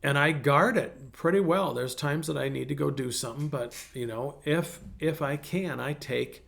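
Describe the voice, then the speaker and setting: A man's voice: fairly high pitch, normal speed, gravelly, fairly bright tone. A middle-aged male pastor preaching a conversational sermon, telling personal stories in a folksy way with frequent restarts.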